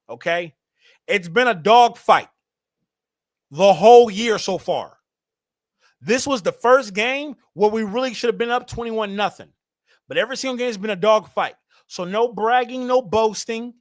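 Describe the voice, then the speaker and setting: A young man hosting a sports fan livestream, animated and hyped, talking straight to his chat. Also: sits high, moderate pace, no echo, studio quality. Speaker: fan show host.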